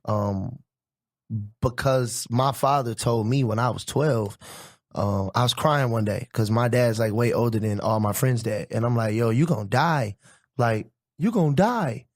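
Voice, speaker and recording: A man co-hosting a podcast, talking reflectively in casual chat, halting with fillers. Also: medium pitch, darkish tone, no room sound, clean studio sound. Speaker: podcast co-host.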